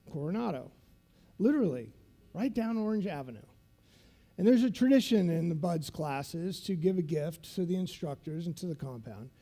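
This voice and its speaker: A keynote speaker in his fifties gives a motivational talk, telling a vivid story and checking in with the audience along the way. His voice is high with a dark tone.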